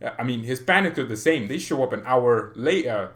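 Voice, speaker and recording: A man hosting a fan channel livestream, talking casually and animatedly, often laughing, with his voice jumping up when he gets excited. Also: medium pitch, fairly quick.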